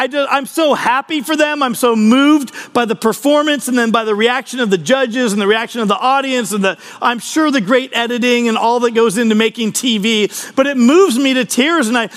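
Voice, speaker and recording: A man's voice: very high voice, fairly quick, hardly any pauses, a bit bright, in a large hall. A man giving a conversational podcast sermon as a pastor, earnest and personal, often restarting his sentences.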